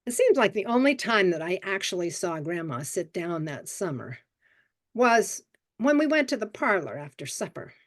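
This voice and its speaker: Expressive woman in her seventies telling stories. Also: mid-range voice, moderate pace. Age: 70s. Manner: vivid, expressive childhood memoir telling. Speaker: storyteller. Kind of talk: personal storytelling. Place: story swap event.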